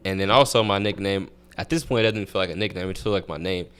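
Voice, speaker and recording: A man's voice: low-pitched, quick pace, fairly bright tone, smooth. A young man, a college track athlete, chatting as a podcast guest and telling rambling stories with many restarts. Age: young adult. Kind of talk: casual interview chat.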